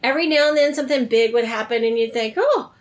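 A middle-aged woman tells her life story in a relaxed conversation. Her voice sits a little high, and she turns animated when she acts out the people she quotes. She laughs between lines and then drops softer for the serious parts. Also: fast talker.

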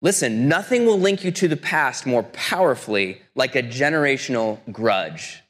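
A man's voice: medium pitch, lively intonation, a bit bright. Earnest male pastor in reverberant church. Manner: earnest storytelling, slows for quotes. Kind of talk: sermon.

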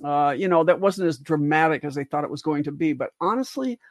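A woman's voice: low voice, lively intonation, fairly quick, dry recording, clean studio sound. An older woman, a physician co-hosting a livestream discussion, talks in long rambling stretches full of restarts and asides, rising with emphasis on key points. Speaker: co-host physician.

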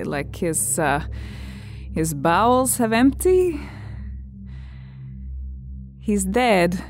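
A blunt young Estonian immigrant. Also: female voice, on the low side. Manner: halting, broken English with searching fillers. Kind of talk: radio drama monologue.

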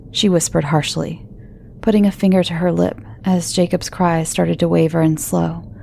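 Gravelly, low-voiced woman narrator. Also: slight background noise. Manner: calm, measured storytelling. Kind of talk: scripted horror narration.

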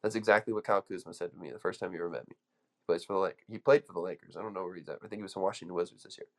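A man's voice: deep voice, very fast. Emphatic man giving a motivational talk. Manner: emphatic, storytelling, frequent restarts. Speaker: motivational speaker and coach. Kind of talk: motivational speech to a live audience. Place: room with an audience.

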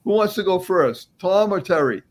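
A man's voice: high-pitched, expressive, moderate pace. A man hosting a show in an upbeat motivational style, enthusiastic and fond of repeating key phrases for emphasis. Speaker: host.

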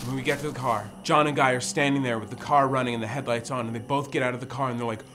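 A man hosting a podcast, telling a spooky story in an animated way and acting out his friends' lines. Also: mid-range voice, fast, hardly any pauses. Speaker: podcast host. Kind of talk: storytelling, recounting a spooky experience.

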